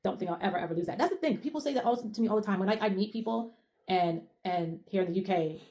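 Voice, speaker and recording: A Canadian woman chatting casually with her husband, animated and quick to laugh. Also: mid-range voice. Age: adult. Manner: animated, laughs often, acts out other people's voices. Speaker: co-host. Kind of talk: casual chat.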